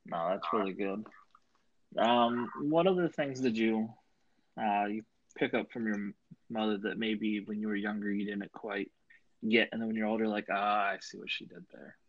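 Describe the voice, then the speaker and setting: A man interviewing a guest, asking questions in a soft, affirming way. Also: fairly low pitch, fairly even intonation, normal speed, no echo, highs cut off.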